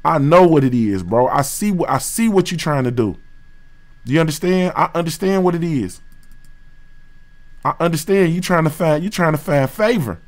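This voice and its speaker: A man's voice: a little high, animated, moderate pace. A man from Dayton, Ohio, hosting a boxing talk livestream in a heated, profane, slang-filled rant. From West Dayton, Ohio, USA. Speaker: boxing talk show host.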